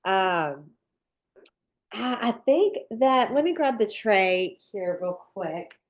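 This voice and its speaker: A woman's voice: mid-range voice, very animated, slow pace. A woman with a nasal, stuffed-up voice from a sinus infection, hosting a live online cookie-decorating workshop in an upbeat, rambling, chatty way. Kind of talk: casual live webinar talk.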